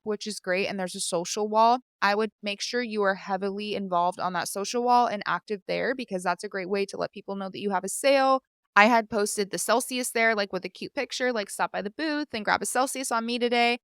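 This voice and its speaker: A woman's voice: mid-range voice, fairly bright tone, clean tone, dry recording, clean studio sound. A young woman hosting her own podcast in candid, casual chat, full of fillers and teary at times. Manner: candid, filler-heavy, chatty. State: teary and sniffling. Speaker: podcast host. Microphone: studio microphone.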